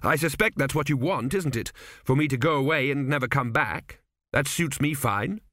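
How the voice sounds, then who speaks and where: A man's voice: medium pitch, moderate pace, a bit bright, no room sound, clean studio sound, close to an everyday voice. A man voicing an exasperated young male king who sounds flustered and impatient.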